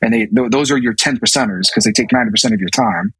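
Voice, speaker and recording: A man's voice: on the low side, very fast, fairly bright tone, breathy edge, no room sound, poor audio. A man in his thirties, a navy command master chief and podcast guest, telling a story casually with many restarts and acted-out quotes. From US South.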